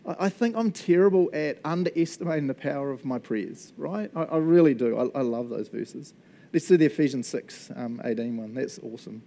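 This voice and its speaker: A pastor with a creaky, warm, mid-range voice speaks briskly through an easygoing, enthusiastic sermon. He's chatty and laughs often, frequently checking in with the congregation and tagging lines with "right?" and "eh?".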